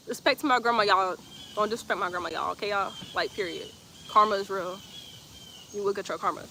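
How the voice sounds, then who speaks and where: Playful, bright-voiced woman streaming outdoors. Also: medium pitch, fairly even intonation, quick pace. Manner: playful, teasing, laughs often, repeats phrases. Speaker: livestreamer reading chat comments. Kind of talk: casual livestream chat. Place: outdoors in sunlight.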